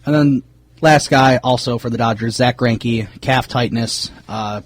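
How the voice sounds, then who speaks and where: A man's voice: mid-range voice, measured pace. A man co-hosting a sports podcast, chatting casually with many fillers as he runs through player news. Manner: relaxed, many fillers, reads off player signings. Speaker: podcast co-host.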